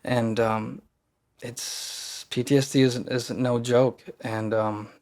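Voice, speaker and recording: A man's voice: medium pitch, level tone, a little mellow. Earnest man telling a personal story. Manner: halting, many fillers and restarts, earnest. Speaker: podcast guest.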